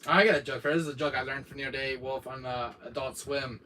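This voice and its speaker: A man chatting casually on his livestream, rambling from one joke to the next with lots of fillers and chuckles. His voice sounds bright and edgy. The mic sits some distance away and picks up faint room noise. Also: medium pitch, steady tone, fast talker. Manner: rambling, laughing often, many fillers. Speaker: livestream host.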